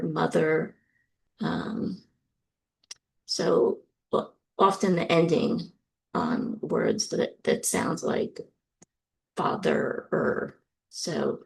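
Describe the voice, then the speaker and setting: Woman lecturer, low voice, heavy vocal fry, unhurried, lots of ums. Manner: slow, deliberate explaining with many ums. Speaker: university lecturer. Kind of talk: recorded lecture.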